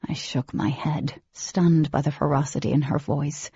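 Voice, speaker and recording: Brief: low-voiced woman audiobook narrator, steady, dull lo-fi sound. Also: unhurried, hardly any pauses, slightly rough, dry recording. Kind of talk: first-person novel narration. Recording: dull lo-fi recording, dry.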